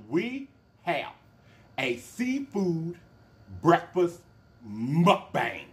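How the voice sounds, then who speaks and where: A man hosting a mukbang vlog, talking casually and excitedly to his viewers. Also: fairly high pitch, drawn-out words, pauses often. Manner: animated, excitable, calls out to viewers. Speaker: mukbang channel host.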